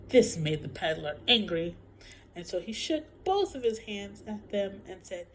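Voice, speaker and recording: A woman reading a children's picture book aloud in an expressive, playful way, sometimes dropping to a whisper. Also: medium pitch, a little slow, a little hiss or hum, low-quality recording. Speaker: storyteller.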